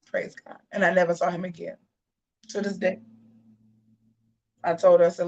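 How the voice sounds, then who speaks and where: A woman hosting a casual live show. She tells a story in a sassy, animated way and keeps calling her viewers y'all. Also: on the low side, normal speed, pauses often, dull audio. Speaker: host of a live gossip and commentary show.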